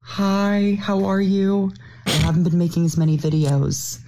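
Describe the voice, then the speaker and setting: A woman's voice: on the low side, measured pace, dark tone. A woman talking into her phone in a casual social media video, chatty and gushing. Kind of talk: casual selfie video monologue.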